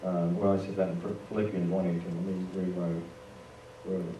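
This pastor's voice sits low and dark, with little pitch movement and a normal speaking speed, and the audio sounds dull. He preaches conversationally in a church sanctuary, making asides to the congregation, captured from afar in an echoey room with faint noise.

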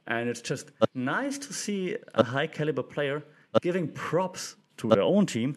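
A young man hosts a casual commentary podcast, talking enthusiastically and acting out quotes in a livelier voice. His voice is on the high side and expressive, at a measured pace.

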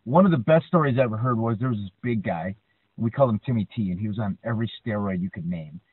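A man's voice: on the low side, quick pace, slightly rough, no room sound. Chatty man telling stories on a podcast. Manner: chatty, frequent "right?" tags, animated storyteller. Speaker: podcast co-host. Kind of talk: casual storytelling chat. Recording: dry, tinny phone-like line.

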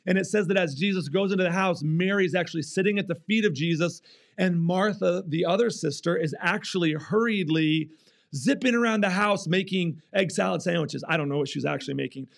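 A man's voice: high voice, fairly quick, vocal fry. A male pastor preaching a sermon in church, acting out quoted complaints with restarts and fillers. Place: church stage.

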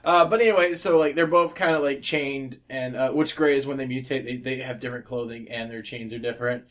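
A man's voice: mid-range voice, fairly even intonation, fairly quick, a bit bright. Podcast co-host, male, casual and rambling, fillers galore, laughs a lot. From United States. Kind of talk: casual chat.

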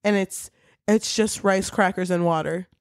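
Animated, profane woman podcaster. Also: mid-range voice, unhurried, dry recording, clean studio sound. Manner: profane, animated retelling with laughs. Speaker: podcast co-host. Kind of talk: casual book-review chat.

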